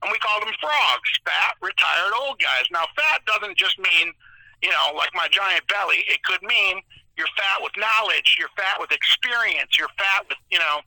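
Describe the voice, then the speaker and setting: A man chatting on a podcast, telling animated stories about his seafood side business. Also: sits high, normal speed, vocal fry, dry recording, poor audio. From moved to New Orleans area in 2000. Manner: animated storyteller, chatty and enthusiastic. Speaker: guest, seafood business owner. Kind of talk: casual podcast storytelling.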